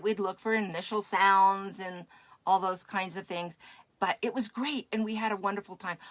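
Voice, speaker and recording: A woman's voice: mid-range voice, fairly bright tone, no room sound. A woman podcast host talking casually and encouragingly to her live-stream audience. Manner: chatty, encouraging.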